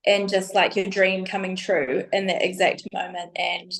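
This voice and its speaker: A woman's voice: lowish voice, flat delivery, normal speed, creaky. A woman guest on a casual podcast, hesitant and often searching for words as she answers. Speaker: podcast guest, bikini athlete.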